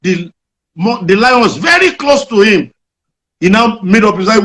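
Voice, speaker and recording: A Nigerian comedian talks through his craft in an interview, slipping readily into acted-out stories. His male voice sits fairly high, and his Nigerian accent colors every line. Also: normal speed, low-quality recording. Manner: animated storyteller, acts out jokes. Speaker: comedian guest. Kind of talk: interview storytelling.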